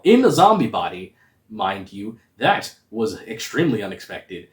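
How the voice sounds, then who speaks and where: A man giving a casual spoiler review of a movie, talking in a slangy, animated, rambling way. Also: fairly low pitch, unhurried. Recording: roomy echo.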